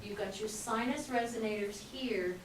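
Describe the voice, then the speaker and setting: Woman voice coach, high-ish voice, upbeat and hands-on, far mic in a roomy classroom. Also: moderate pace, background noise. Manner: encouraging, demonstrative, laughs often. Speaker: voice teacher. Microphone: distant camera mic. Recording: echoey classroom, far mic, piano music. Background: piano.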